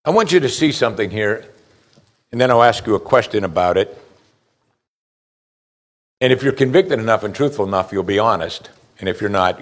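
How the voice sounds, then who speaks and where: A man preaching a sermon as pastor, putting direct questions to his listeners with emphasis. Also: on the low side.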